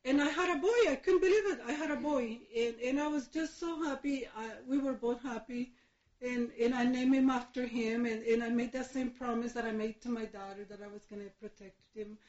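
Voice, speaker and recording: A middle-aged woman from Mexico giving a halting personal testimony, full of fillers and restarts, laughing through painful memories. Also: a little high, fairly even intonation, darkish tone. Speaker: speaker sharing her recovery story. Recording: echoey room, dull lo-fi sound.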